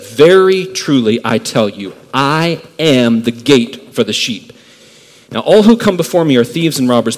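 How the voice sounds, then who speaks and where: A man's voice: on the high side, big-room sound. A man preaching a sermon as a pastor, emphatic, rising fervently on key phrases and often repeating words as he searches for the next phrase.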